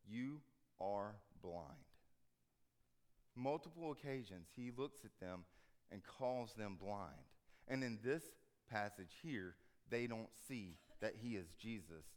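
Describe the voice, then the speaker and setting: A man preaching a conversational sermon, telling stories and acting out dialogue in an animated way. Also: lowish voice. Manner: conversational, animated storytelling, acts out quoted dialogue.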